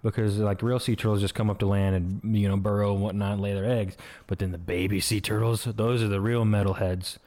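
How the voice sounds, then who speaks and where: Low-voiced joking male player. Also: flat delivery, a little fast, few pauses, darkish tone. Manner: rambling, joking, loses his train of thought. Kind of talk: casual chat at a game table.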